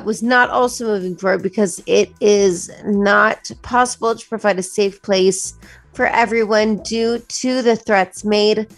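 A woman co-hosting a morning show, chatting in a gushing way, laughing often, and reading the news. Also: medium pitch. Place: broadcast studio.

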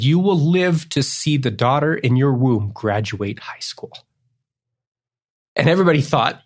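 A middle-aged man, a cellist and guest, telling emotional family stories in earnest, tearful bursts that go off on tangents. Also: mid-range voice. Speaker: cellist guest on a faith podcast. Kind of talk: emotional interview storytelling.

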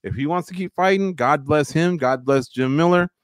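A man's voice: on the high side, moderate pace, no room sound. A man hosting a casual sports talk show, chatty and opinionated as he recaps fight results. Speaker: podcast host.

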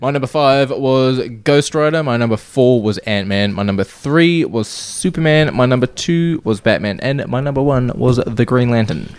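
A man's voice: medium pitch, moderate pace, hardly any pauses, smooth. A man co-hosting a casual podcast, rambling and laughing easily. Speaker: podcast co-host.

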